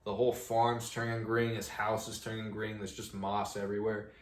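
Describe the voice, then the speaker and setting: A man's voice: lowish voice, monotone, moderate pace. A young man co-hosting a podcast, telling a long story in a rambling, profane way full of "like". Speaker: podcast co-host. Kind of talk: casual chat, storytelling. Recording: roomy echo.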